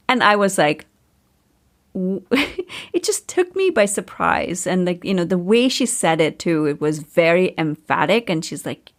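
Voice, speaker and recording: A middle-aged woman, a podcast host and coach, telling a personal story in a chatty, animated way and laughing often. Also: a little slow. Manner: chatty, animated, laughs often, pitch jumps up when excited.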